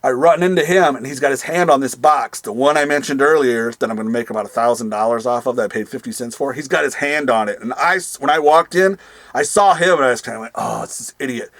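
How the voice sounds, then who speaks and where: A male reseller vlogger talks casually, wandering through asides and fillers. His voice sits at an ordinary pitch, and the recording is dry and close. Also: fast, a bit bright, no echo. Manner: rambling, many ums and asides. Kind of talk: casual storytelling vlog.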